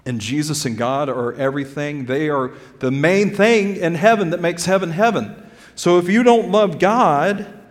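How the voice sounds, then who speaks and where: A male pastor preaching a sermon earnestly, calling his listeners "folks" and swinging between loud emphasis and quiet drops. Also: fairly high pitch, in a large hall. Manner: addresses the congregation directly as "friends" and "folks". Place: church sanctuary.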